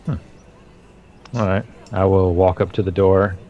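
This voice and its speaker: A man playing a tabletop game, planning his character's actions out loud in a playful way. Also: low voice, steady tone, unhurried, muffled recording, soft background music. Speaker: player. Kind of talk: casual tabletop game play.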